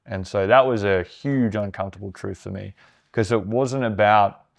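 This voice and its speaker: A man, a startup founder, telling animated stories in casual conversation, swearing and mimicking others' voices. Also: lowish voice, moderate pace, gravelly. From Australia.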